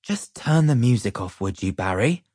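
A worn-out mum with a sighing, lifted voice, as a male reader puts her on. Her pitch jumps around a lot. The sound is close and dry. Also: big pitch swings, moderate pace, darkish tone, no room sound. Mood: tired. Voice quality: sighing and tired. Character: tired, exasperated British mum.

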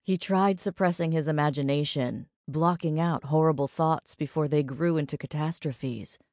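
Low-voiced woman narrating an audiobook. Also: dry recording, studio quality. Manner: measured, even storytelling. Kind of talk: scripted narration.

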